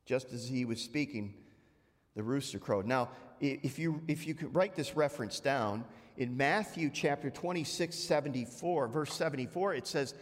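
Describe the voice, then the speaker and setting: A man's voice: medium pitch, normal speed. A male pastor preaching a sermon, retelling scripture conversationally with frequent restarts. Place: church sanctuary. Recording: long church hall reverb.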